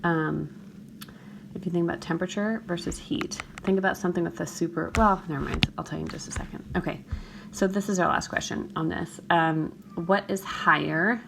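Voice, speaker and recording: A woman's voice: lowish voice, steady tone, fairly quick, background noise. A woman teacher talking through a chemistry problem in a recorded screencast lecture, often checking in with her students. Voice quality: morning voice, a bit gravelly.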